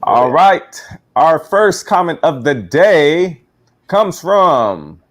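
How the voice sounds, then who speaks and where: A man's voice: on the high side, big pitch swings, extremely slow. A man co-hosting a live show, reading viewer comments in a laid-back way. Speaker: co-host.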